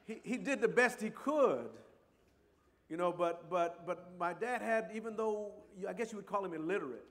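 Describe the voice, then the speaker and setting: A man from Compton with a Chicano English accent, telling a personal story in a rambling way with many asides. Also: sits high. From Compton, California. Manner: warm, rambling, many asides like "you know" and "right". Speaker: speaker.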